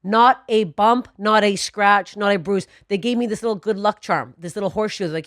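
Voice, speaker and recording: A woman co-hosting a podcast, telling a story in a profane, animated way that swings from low muttering to loud bursts. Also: brisk, few pauses, no room sound, studio quality. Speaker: podcast co-host. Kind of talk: storytelling in casual podcast chat.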